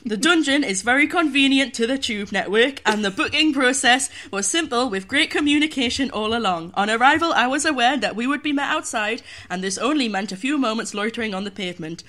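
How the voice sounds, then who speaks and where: A woman's voice: fairly high pitch, a little fast, few pauses. A woman voicing a plain-spoken northern male reviewer in a put-on accent that slides from Yorkshire to Geordie, reading a review with mock seriousness. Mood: mock-earnest. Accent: wobbly put-on northern English, Yorkshire sliding to Geordie. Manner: reads aloud in a mock-serious deadpan.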